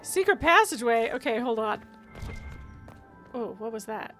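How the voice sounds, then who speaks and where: A woman's voice: a little high, animated, moderate pace, a bit bright, faint music behind. A woman streaming a video game, chatting to herself and chat as she plays and laughing often. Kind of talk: casual let's-play commentary.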